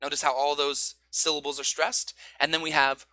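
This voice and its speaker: A man with a slightly higher voice and a sharply bright, forward tone explains teaching methods to fellow teachers. He sounds relaxed and conversational and breaks into chanted rhythm patterns to demonstrate. The sound is dry and close. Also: normal speed, no room sound. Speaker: English teacher.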